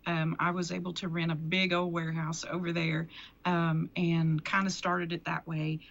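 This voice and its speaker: A chatty woman, her voice carrying some creak and gravel. She talks easily as a guest on a local TV studio set, laughing and looping back mid-sentence. The sound is a bit dull, like slightly muffled broadcast audio. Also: fairly low pitch, little pitch movement, normal speed. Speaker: guest, antiques dealer and auctioneer. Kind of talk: casual interview chat.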